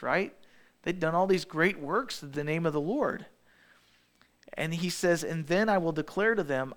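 A man preaching a sermon in a casual, storytelling way, often restarting his phrases. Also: a little high.

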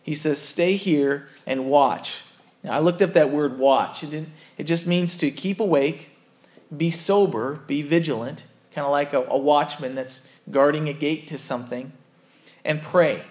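Guy preaching a sermon, kinda high voice, earnest, talks casual and keeps correcting himself. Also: moderate pace, a little mellow. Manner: earnest and conversational, with frequent self-corrections. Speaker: pastor.

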